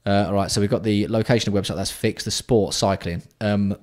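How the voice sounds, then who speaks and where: A man hosting a casual livestream, bantering with chat and swearing freely while keeping his voice fairly hushed. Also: lowish voice, fairly even intonation, brisk. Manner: banter-filled, sweary, reads out and answers chat. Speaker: livestream host.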